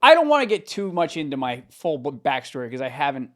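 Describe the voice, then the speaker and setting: Teasing man with a lively voice. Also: on the high side. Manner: teasing, quick banter. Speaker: podcast co-host. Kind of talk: casual comedic chat.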